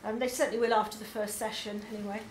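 A woman's voice: medium pitch, level tone, rapid-fire. An English woman presenting her poetry course to a group, enthusiastic and chatty with frequent ums. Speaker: poetry tutor. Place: labour club hall. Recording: echoey hall, faint noise.

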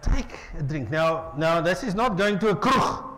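South african preacher guy in a church, kinda high voice, jumps all over the place, joking with the crowd, slight background hiss. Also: sing-song, moderate pace. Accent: South African English. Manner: playful, jokes with the congregation. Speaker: pastor. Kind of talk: lively sermon.

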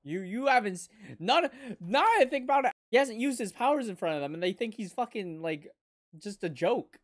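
A young woman hosting an anime reaction, talking over the episode with excited, profanity-laced outbursts. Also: fairly high pitch, normal speed. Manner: excitable, swears a lot, loud sudden outbursts. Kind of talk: live reaction commentary.

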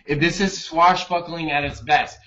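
Playful man with a bright voice. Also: a little slow. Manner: playful, riffing with a mock sales pitch. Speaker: co-host marketing leader. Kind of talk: joking casual chat. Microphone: webcam on a video call. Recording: dull lo-fi video-call audio.

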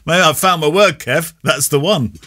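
A man's voice: fairly high pitch, moderate pace, sharp tone, dry recording, clean studio sound. A man from Yorkshire with a received pronunciation accent, co-hosting a casual podcast in a chatty, playful way. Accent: received pronunciation English. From Yorkshire, England. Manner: chatty, playful, laughs often. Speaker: podcast co-host.

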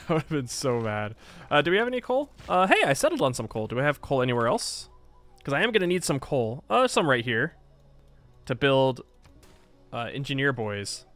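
A man's voice: medium pitch, very animated, normal speed, fairly bright tone, faint music behind. A man giving casual let's-play commentary on a strategy game, playful and self-mocking, laughing often. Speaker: gaming video creator.

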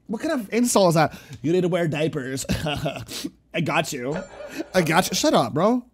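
This is a young man doing casual reaction commentary on a stream. His voice sits high and swings widely up and down. He jokes around and keeps talking back at what he is watching. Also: normal speed, husky. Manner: excitable, jokey, talks back at the screen.

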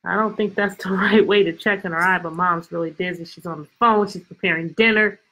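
A woman teacher reading a picture book aloud to her class over a video call, expressive and full of questions. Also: on the low side, a little fast, poor audio. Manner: lively, expressive, stretches words, asks questions. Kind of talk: storybook read-aloud lesson.

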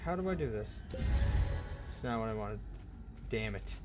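Excitable young man yelling at his game. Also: fairly low pitch, moderate pace, music in the background. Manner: excitable, swears and yells at the game. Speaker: gaming video host. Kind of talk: gameplay commentary.

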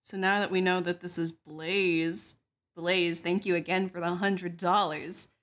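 A woman's voice: on the low side, flat delivery, unhurried, fairly bright tone. Bubbly, giggly woman hosting a stream. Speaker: stream host. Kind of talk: casual chat, reading donations.

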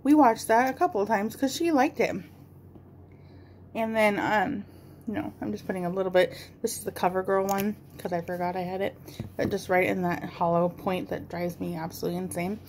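Woman, 30s, home makeup vlogger; chatty rambler with a gravelly edge, faint hiss behind. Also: mid-range voice, steady tone, normal speed, darkish tone. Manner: rambling, chatty, swears casually. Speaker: beauty vlogger. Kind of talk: casual rambling chat while doing makeup.

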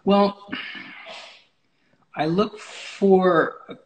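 A man's voice: sits high, steady tone, very slow, poor audio. A man talking as a guest in a casual interview, rambling with many fillers and restarts. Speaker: photographer guest. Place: podcast recording.

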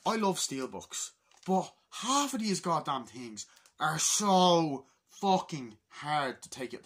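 A man's voice: a little high, big pitch swings, slow pace, a bit bright. A man of twenty-two in a casual vlog, exasperated and swearing as he mutters to himself. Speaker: film collector vlogger.

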